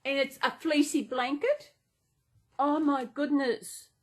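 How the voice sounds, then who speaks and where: A woman's voice: high-pitched, fairly even intonation, slow pace. A woman chatting casually and unplanned in a vlog, rambling and gushing with gasps and restarts. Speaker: vlogger.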